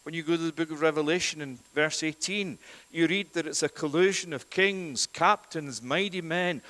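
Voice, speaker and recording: A man delivers an earnest, emphatic sermon, pressing his listeners with rhetorical questions. His voice sits a little high for a man. The long reverb of a church trails behind each phrase. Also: normal speed, fairly bright tone. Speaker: preacher.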